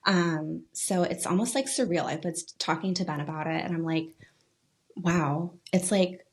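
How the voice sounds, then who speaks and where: A young woman co-hosting a parenting podcast, chatting excitedly about family news with lots of "like" fillers. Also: deep voice, fairly quick. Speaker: podcast co-host. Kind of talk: casual chat.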